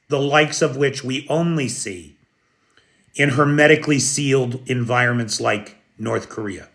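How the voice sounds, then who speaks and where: An American man delivers live news commentary in an emphatic, opinionated way, now and then speaking straight to viewers by name. His voice sits a bit high for a man, and he talks at an unhurried, deliberate pace. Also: bright, forceful tone. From United States.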